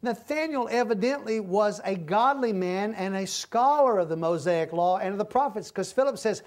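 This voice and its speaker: High-voiced man teaching a Bible study. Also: lively intonation, moderate pace, hardly any pauses. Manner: explains verses, acts out the speakers' lines, then closes in a quiet prayer.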